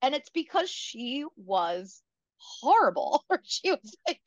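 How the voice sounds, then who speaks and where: A woman's voice: sits high, big pitch swings, takes it slowly, dry recording. A woman comedian guest on a podcast, chatting casually in a self-mocking, laughing way. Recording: dull dry audio.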